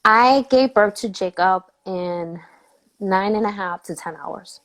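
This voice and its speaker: A woman's voice: mid-range voice, slow pace, rough recording. A woman guest telling a family story in a casual interview, acting out other people's voices as she goes. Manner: animated storyteller, acts out quoted voices.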